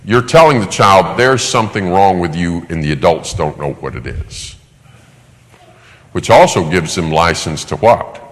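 A man's voice: deep voice, measured pace, big-room sound. A man giving a sermon-style teaching talk, telling stories and acting out the voices of parents and children. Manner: animated storytelling, acts out quoted parents. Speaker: preacher teaching on child discipline.

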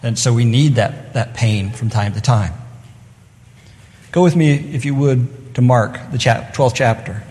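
A man's voice: medium pitch, a little slow, darkish tone, slight background noise. A middle-aged man preaching an evening sermon in an earnest, conversational way, now and then acting out the voices he quotes. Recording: long hall reverb.

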